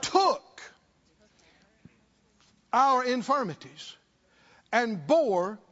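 A man's voice: extremely high pitch, big pitch swings, very slow, a bit bright. A man preaching a sermon, driving points home with repetition, rhetorical questions and calls for the congregation to answer. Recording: dull lo-fi sermon recording.

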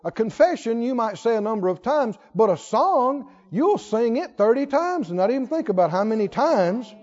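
A man's voice: extremely high pitch, big pitch swings, moderate pace, a little mellow, big-room sound, muffled recording. A man preaching a sermon, drawing out phrases, singing lines and leading the congregation in call-and-response. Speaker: pastor.

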